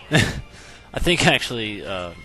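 A man's voice: fairly low pitch, sing-song, drawn-out words, over music. A man bantering casually while playing a video game with friends, joking, laughing and swearing freely. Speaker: gaming commentator.

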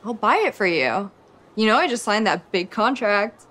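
A woman's voice: medium pitch, big pitch swings, moderate pace, a bit bright. An actress playing a young model who is caring and warns her sister to be careful, with music underneath. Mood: bright.

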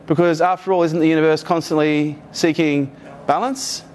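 A man's voice: on the high side, fairly even intonation, normal speed, a little mellow. A man giving a live motivational keynote to an audience, swearing freely and acting out quoted voices. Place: conference room with live audience.

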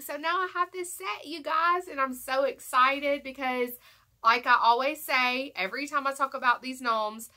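A young woman with a Southern American accent, congested from allergies, chatting excitedly and rambling through a shopping haul vlog. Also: sits high. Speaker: haul vlogger. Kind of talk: casual chat to camera.

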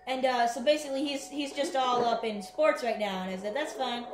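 A woman's voice: on the high side, brisk, slight background noise. A woman casually commentating her gameplay at home, rambling and chatting with the game as she plays. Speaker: gaming channel host. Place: home room. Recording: echoey room with game music. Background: game music.

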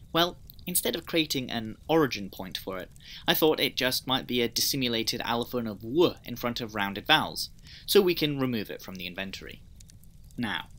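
Bright-voiced man explaining conlang sound changes. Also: medium pitch. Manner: methodical, explanatory, with dry personal asides. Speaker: conlang video creator. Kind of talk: scripted educational narration.

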